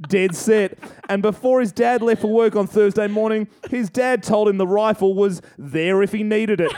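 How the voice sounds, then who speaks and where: High-voiced man ranting for laughs. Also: normal speed, darkish tone. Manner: profane, mocking, builds to punchlines. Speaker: co-host. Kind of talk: comedic podcast rant.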